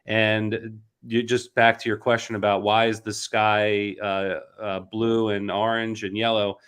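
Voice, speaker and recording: A man hosting an interview, explaining things in a measured way with frequent ums. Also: fairly low pitch, little pitch movement, fairly bright tone, clean tone. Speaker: interview host. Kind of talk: conversational interview.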